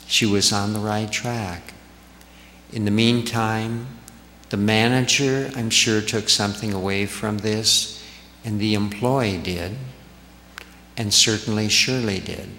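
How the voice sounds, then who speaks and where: A man telling stories gently to an audience as a spiritual speaker in a large hall. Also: fairly low pitch, fairly even intonation. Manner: slow, gentle storytelling. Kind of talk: storytelling talk to an audience. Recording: echoey hall reverb, faint noise.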